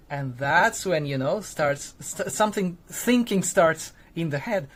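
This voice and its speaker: A man's voice: fairly high pitch, expressive, normal speed, few pauses. Conversational male teacher telling a story. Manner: loose and conversational, many fillers, acts out quoted lines. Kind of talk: casual storytelling to camera.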